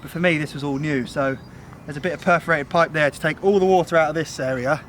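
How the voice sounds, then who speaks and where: A man's voice: a little high, fast talker, fairly bright tone, slight background noise. A young man vlogging outdoors, chatty and enthusiastic, out of breath. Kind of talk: casual vlog walkthrough. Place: outdoors at a building site.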